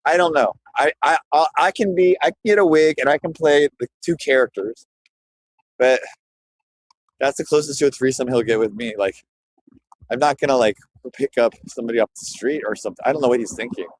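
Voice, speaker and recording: A man's voice: mid-range voice, a little fast, rough recording. A man streams live from his phone as he walks outside, talking to his chat in a loose, meandering way. His thoughts drift and restart as he goes, and there is a faint hum of outdoor noise behind him. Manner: loose, rambling and chatty, talks to chat viewers. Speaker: livestreamer. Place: outdoors, walking through a neighborhood.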